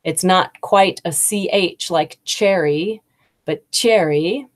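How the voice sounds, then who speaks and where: A woman in her thirties hosting a live English lesson, explaining slowly and kindly with examples. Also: fairly low pitch. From United States. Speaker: English teacher and host. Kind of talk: live-streamed teaching talk.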